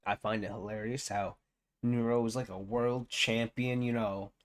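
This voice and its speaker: A man's voice: on the low side, level tone, moderate pace, heavy background noise. A man casually reacting to a video on stream, rambling with lots of fillers and amused asides.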